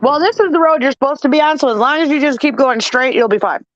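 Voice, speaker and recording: A woman's voice: high-pitched, fast, highs cut off. A woman hosting a storm-chase livestream, chatting casually and explaining things step by step. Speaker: stream host.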